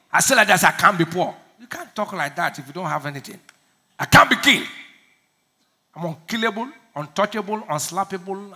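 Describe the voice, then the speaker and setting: A man from Nigeria preaches in a high-pitched voice that sounds pushed and bright. He laughs often, calls for the congregation to answer back, and acts out prayers in small voices.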